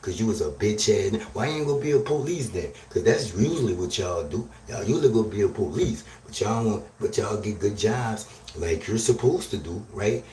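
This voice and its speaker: A low-voiced man rants on a live stream, crude and loud, forever asking if you hear him. He sits back from the mic in an echoing room. A faint hiss hangs behind him. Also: lively intonation, fairly quick. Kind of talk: profane rambling rant to a live audience. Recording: roomy echo, distant from mic, faint noise.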